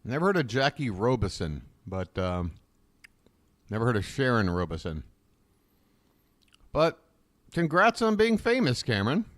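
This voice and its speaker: A man talks through a home-shopping reaction stream, rambling and wry and always drifting onto tangents. His pitch moves around a lot, rising and falling with his asides. The sound is dry and close, with no room echo at all. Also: sing-song, measured pace, long pauses. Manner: rambling, wry, easily sidetracked. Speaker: live stream host. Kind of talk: casual reaction riffing.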